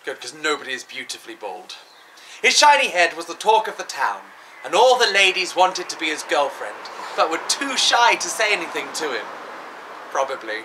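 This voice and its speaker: Dry, bright-voiced English comic narrator. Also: male voice, fairly high pitch, sing-song, moderate pace, a little hiss or hum, rough recording. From England. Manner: dry, mock-exasperated narrator. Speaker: podcast co-host. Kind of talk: comic storytelling.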